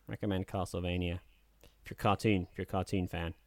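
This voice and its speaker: A man's voice: low-pitched, flat delivery, fast talker, dry recording, clean studio sound. A man co-hosting a podcast, chatting casually and rambling with many fillers. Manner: rambling, with many fillers, dips into a soft, smooth put-on voice. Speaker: podcast co-host. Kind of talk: casual chat.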